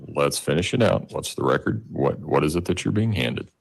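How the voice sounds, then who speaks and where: Deep gravelly male judge. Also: expressive, moderate pace. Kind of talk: courtroom procedure. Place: courtroom.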